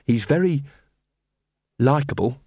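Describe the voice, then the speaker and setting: A male reader voicing a sharp young woman who is a werewolf in dog form, with indignant, quick retorts. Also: medium pitch, animated, breathy edge, no echo, clean studio sound. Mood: tart.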